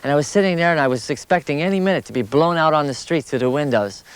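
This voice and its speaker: A man recounting his walking travels as a lively anecdote, his voice climbing high at the funny moments. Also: fast, clean tone, dry recording. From United States. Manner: animated, rising sharply at the funny parts. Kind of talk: anecdotal storytelling.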